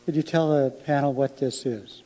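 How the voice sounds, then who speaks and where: A man with a mellow, darker tone questions a witness at a formal hearing. He works through his points methodically and sometimes halts mid-sentence to rephrase. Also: medium pitch, steady tone, poor audio. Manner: methodical questioning, slightly halting. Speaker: attorney. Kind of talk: courtroom examination. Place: hearing room.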